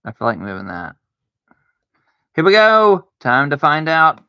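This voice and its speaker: A gravelly, bright-toned man plays solitaire on a stream and chatters to himself in slow, drawn-out phrases. He argues with himself and breaks into mock-scared outbursts. The sound is dull and dry, like a lo-fi home mic. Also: a little high, huge pitch swings, dry recording. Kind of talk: casual gameplay commentary talking to himself.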